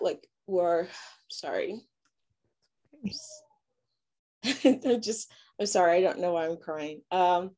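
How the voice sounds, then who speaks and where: A young woman from Nigeria, giving a halting personal testimony full of fillers and restarts. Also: on the low side, mellow. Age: young adult. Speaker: interviewee.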